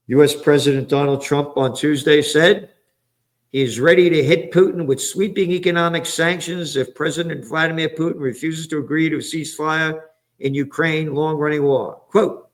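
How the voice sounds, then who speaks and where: A commentator and host from the Bronx, New York, rants about politics in a profane, sarcastic, heated way, jumping from topic to topic. His voice is a little high and his speed normal.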